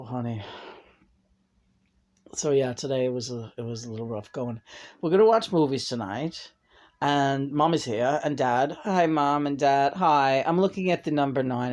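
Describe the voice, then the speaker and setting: A woman's voice: low-pitched, a little mellow. Profane ranting woman, middle-aged. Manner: profane, venting, raises voice in bursts. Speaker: vlogger. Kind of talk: angry personal rant.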